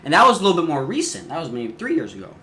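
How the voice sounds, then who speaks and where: A teenage boy vlogger telling a casual story-time tale in an animated way, often restarting his sentences. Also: fairly high pitch, racing, slight background noise. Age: teens. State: sweating in the heat.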